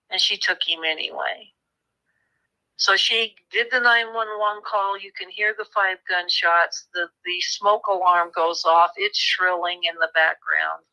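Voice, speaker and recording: A woman's voice: on the low side, a little slow, poor audio. A woman author recounting a true crime case as a guest, telling it as a story and acting out the people she quotes. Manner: animated, acts out quoted voices. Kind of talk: conversational storytelling.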